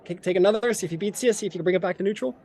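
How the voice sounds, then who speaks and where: A man narrating as game master of a tabletop game, relaxed and full of fillers, with asides to the players. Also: high voice, rapid-fire.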